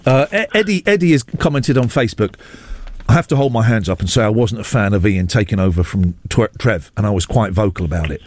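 Lively teasing male radio presenter. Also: fairly low pitch. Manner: teasing, playful, quick to joke. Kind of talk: casual radio banter.

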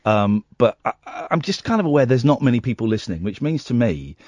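A man's voice: medium pitch, sing-song, quick pace, a little mellow, dry recording. Sardonic male radio phone-in host. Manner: sardonic, teasing callers. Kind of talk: late-night radio phone-in.

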